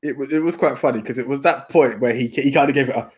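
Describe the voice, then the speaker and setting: A young man chatting casually on a film podcast, relaxed and often chuckling as he repeats himself. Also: medium pitch, fast talker, hardly any pauses. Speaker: podcast co-host.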